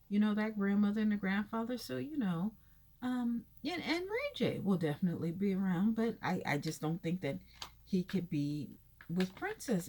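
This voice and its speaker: A woman giving a casual, profane recap of a reality show, animated and laughing, with asides. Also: medium pitch. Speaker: reality TV commentator.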